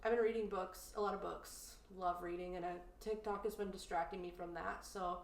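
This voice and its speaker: She's a podcast co-host with a lowish voice, brisk delivery and vocal fry, heard off-mic in a roomy setting. Her casual storytelling turns animated and indignant, full of "like" fillers as she gets worked up.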